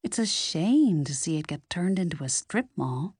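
A woman reading the part of a gentle, sympathetic young woman who speaks softly and earnestly. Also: deep voice, very animated, normal speed, slightly rough, no room sound, studio quality, exaggerated voice.

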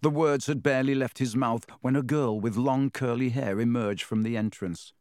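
A man narrating a story in a steady, measured reading voice on a close mic. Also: medium pitch, dry recording. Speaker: audiobook narrator. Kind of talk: scripted narration.

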